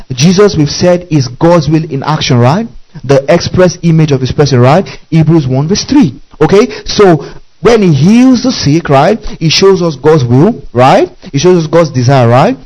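A man preaches with a somewhat high-pitched voice, prompting his congregation to repeat lines after him. His delivery swings between teaching and stirring, forceful exhortation. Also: poor audio. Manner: call-and-response preaching, rising to forceful exhortation. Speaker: pastor. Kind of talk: sermon.

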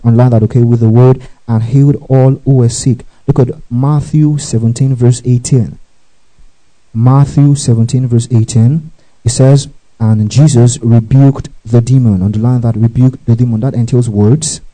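A man's voice: mid-range voice, steady tone, normal speed, mellow, rough recording. A man preaching a teaching sermon, reading scripture verses and prompting listeners to underline and repeat after him. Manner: teaching with scripture references, frequent call-and-response prompts.

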